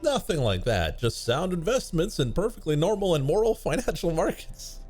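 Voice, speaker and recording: A man putting on a jovial old grandpa from a spooky game, chuckling and reassuring in a raised, lively voice. Faint music hums underneath. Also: a little high, normal speed, breathy edge, pitched above the performer's own voice. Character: cheery rich grandfather, older man.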